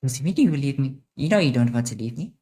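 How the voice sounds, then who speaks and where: A woman streamer voicing a menacing female villain who threatens slowly and teasingly. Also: a bass voice, expressive, mellow. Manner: slow, taunting, intimidating.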